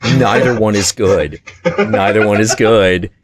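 Very deep-voiced man telling a wild story. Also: slow pace. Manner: intense, profane, excitable retelling. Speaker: host. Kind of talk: casual storytelling monologue.

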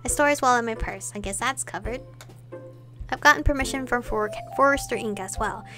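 A woman's voice: fairly high pitch, brisk, over music. A woman reading a visual novel aloud, voicing every character and adding her own asides and laughs. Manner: reads dialogue and narration with side comments and laughs. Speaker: game playthrough reader.

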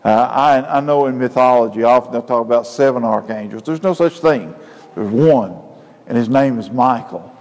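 A male pastor preaching a sermon, building to loud emphatic peaks. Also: mid-range voice, moderate pace. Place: church sanctuary. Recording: church hall with long reverb.

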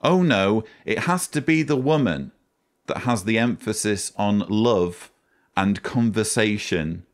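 A man giving slow, sarcastic, critical commentary on a video he is reviewing. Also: lowish voice.

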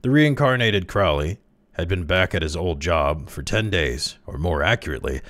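A man reading a short story aloud, with lively delivery and amused asides. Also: low voice, normal speed. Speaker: reader.

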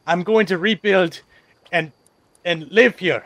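High-voiced man in whiny outrage. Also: slow pace, long pauses, a bit bright, a little hiss or hum. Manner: whiny, dramatic, overacted outrage. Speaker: game player on voice chat. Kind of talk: pleading, angry in-game voice chat.

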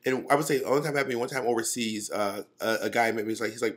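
A man's voice: fairly low pitch, racing, few pauses. A man in his thirties co-hosting a podcast, telling stories in casual comic chat and laughing often. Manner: animated storyteller, laughs often. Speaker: podcast co-host.

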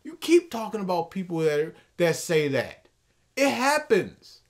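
Lively, mocking commentary co-host. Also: medium pitch, a little slow. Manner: mocking, slips into impressions of the person discussed. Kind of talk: casual commentary chat.

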